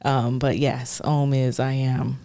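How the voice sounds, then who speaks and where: A woman's voice: extremely low pitch, level tone, slow pace, dark tone. A woman co-hosting a podcast in casual chat, loose and playful, laughing often and swearing freely. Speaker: podcast co-host.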